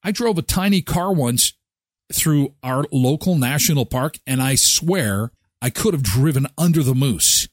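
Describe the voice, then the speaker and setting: A man hosting a casual morning radio show, reading ads and joking about the news in an animated way. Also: medium pitch, a little slow, dry recording, clean studio sound. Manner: animated, jokey, acts out voices. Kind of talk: casual morning show chat with live ad reads.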